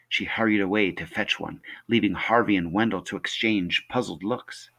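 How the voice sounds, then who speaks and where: Low-voiced man reading a story aloud. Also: normal speed, creaky. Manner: plain, steady narration. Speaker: teacher. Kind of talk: reading a novel aloud to a class.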